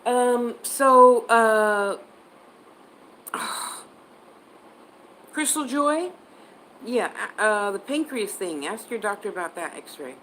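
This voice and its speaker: A woman's voice: mid-range voice, big pitch swings, slow pace, pauses often, a bit bright, slight background noise, poor audio. A woman on a casual livestream as a psychic reader, chatting and answering viewer comments, sometimes spelling words out.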